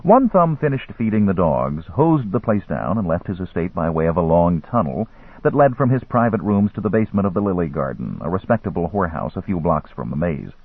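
A man reads a story aloud in a wry, telling manner, his husky, lowish voice rising and falling widely. The recording is dry and narrow, like a phone line. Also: big pitch swings, brisk. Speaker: narrator. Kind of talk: audiobook narration.

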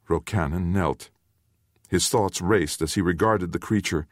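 Deep, slow-reading male narrator. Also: no echo, clean studio sound. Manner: measured storytelling with expressive, varied intonation. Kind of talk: audiobook narration.

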